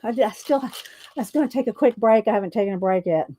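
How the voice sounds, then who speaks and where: A woman's voice: on the high side, quick pace, mellow, a little hiss or hum. A woman chatting casually on a livestream, short of breath and exclaiming as she reads viewer comments. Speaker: livestream host.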